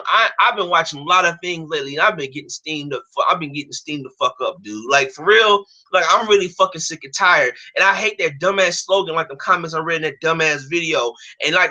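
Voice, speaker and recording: Heated young man ranting, tense and bright. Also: high voice. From United States. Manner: heated, profane, repeats and restarts phrases. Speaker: streamer. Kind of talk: angry ranting monologue.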